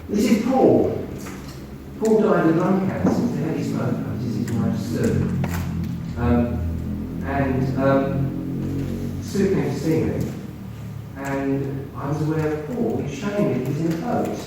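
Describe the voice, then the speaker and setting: A man telling lively anecdotes to an audience, often repeating and restarting his phrases. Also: mid-range voice, takes it slowly, loud music behind the voice. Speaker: speaker at a talk on mediumship. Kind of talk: anecdotal storytelling talk. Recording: echoey hall from far off.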